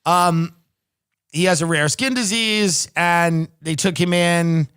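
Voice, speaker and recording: A man's voice: high voice, takes it slowly, a bit bright, clear, resonant tone. A man hosting a comedy podcast, reading news aloud and breaking off for sarcastic jokes. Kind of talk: casual comedic commentary.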